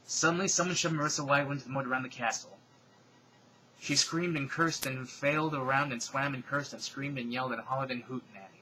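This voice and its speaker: Deadpan man reading fan fiction aloud. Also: mid-range voice, fast, a little hiss or hum, rough recording. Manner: deadpan, sarcastic asides. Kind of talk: comedic dramatic reading.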